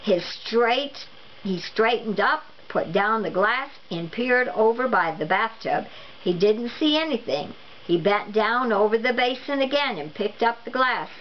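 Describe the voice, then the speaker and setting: A woman reading a children's storybook aloud with even, expressive narration. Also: fairly high pitch, unhurried. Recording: dull lo-fi recording with faint noise.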